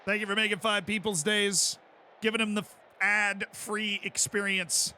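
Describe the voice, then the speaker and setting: Male streamer, upbeat, piercing bright tone, slightly high, live game commentary. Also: normal speed, slight background noise. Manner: excitable, chatty, cheers on plays.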